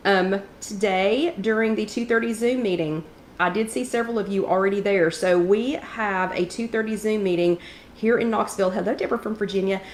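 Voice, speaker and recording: A chatty woman hosts a casual live chat, stopping often to greet viewers by name. Her throat sounds a little scratchy from allergies. The room is echoey, with faint background noise. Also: medium pitch. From East Tennessee. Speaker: host of a live wellness chat.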